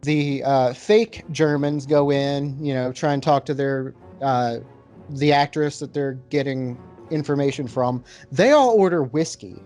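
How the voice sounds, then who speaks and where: A man hosting a casual podcast chat, rambling and relaxed, with lots of fillers as he tastes and describes a beer. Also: mid-range voice, a little slow, faint music behind.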